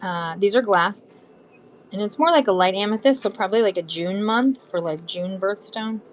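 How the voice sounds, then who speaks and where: A woman's voice: mid-range voice, moderate pace, slight background noise. A bubbly, chatty woman from Southern California, in her thirties, hosting a live shopping stream. She talks straight to her viewers in a loose, friendly flow and holds items up as she goes. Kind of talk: casual live-stream selling chat.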